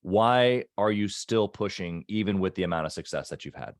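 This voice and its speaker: A man hosting a business podcast, upbeat and enthusiastic, talking in quick bursts during a casual interview. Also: sits low, animated, no room sound, clean studio sound. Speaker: podcast host.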